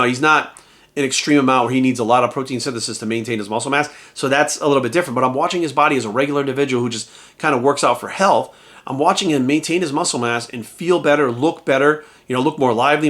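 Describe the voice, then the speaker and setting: A man talking as a bodybuilding coach in a casual vlog rant, animated and swearing constantly, tossing in rhetorical asides. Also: medium pitch. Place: at home.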